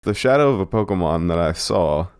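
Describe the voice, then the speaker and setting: A man hosting a video game let's play, commenting in a relaxed, musing way. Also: low-pitched, brisk, smooth, no room sound, studio quality.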